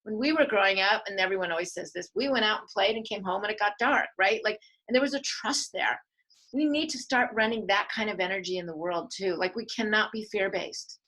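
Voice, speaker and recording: A woman's voice: mid-range voice, fairly quick, poor audio. A middle-aged woman, a filmmaker and mother, speaking earnestly as a guest in a conversational interview. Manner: earnest, animated when quoting others.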